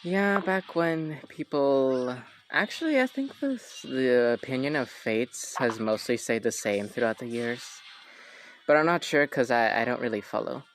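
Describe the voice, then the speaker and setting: A man of ordinary middle pitch hosts a relaxed conversation. He jokes often and corrects himself in an offhand way. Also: measured pace, background noise. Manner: joking, self-correcting, offhand. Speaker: host. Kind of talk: casual chat.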